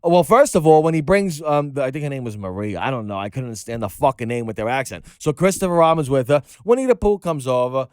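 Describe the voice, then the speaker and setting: A man hosting a podcast, retelling a movie in casual chat, animated and profane as he rambles through the story. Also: mid-range voice, quick pace, hardly any pauses, clear, resonant tone, no echo, clean studio sound. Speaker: podcast host.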